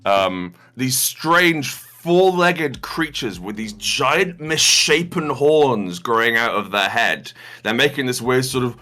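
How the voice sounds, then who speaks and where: Bright-voiced man running a tabletop game. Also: mid-range voice, expressive, slow. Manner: improvised, hesitant, laughs often. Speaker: game master.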